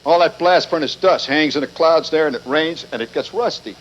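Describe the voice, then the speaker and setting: Man from Indiana, live humorous monologue, high voice, mock-indignant wit, muffled 70s tape with light hiss. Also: fairly quick. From Indiana, USA. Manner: wry, digressive, mock-indignant. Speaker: storyteller performing for a live audience. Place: live venue with an audience. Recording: muffled 1970s live recording.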